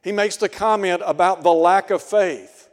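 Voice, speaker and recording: A man preaching a radio sermon, slow and deliberate, asking his listeners pointed rhetorical questions. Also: high-pitched, in a large hall.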